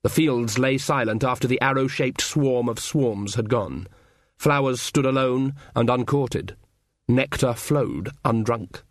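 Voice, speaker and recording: A man narrating a fantasy audiobook in a measured, even storytelling manner, recorded close. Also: medium pitch, no echo. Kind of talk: scripted narration.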